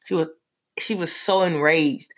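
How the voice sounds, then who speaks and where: A woman telling a personal story in a casual, animated way, full of fillers. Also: deep voice, measured pace.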